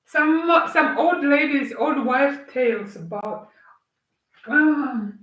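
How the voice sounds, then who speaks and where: A woman's voice: high voice, expressive, takes it slowly, a bit bright. A woman hosting a casual live cooking stream, chatting with viewers and greeting them as they join. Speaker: cooking livestream host. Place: home kitchen. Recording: roomy, distant, with clear background noise.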